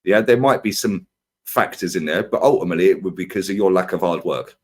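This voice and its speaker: A man's voice: low-pitched, quick pace. A man ranting in a heated football fan debate, firing rhetorical questions at his co-host. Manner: ranting, animated, rhetorical "yeah?" and "right?".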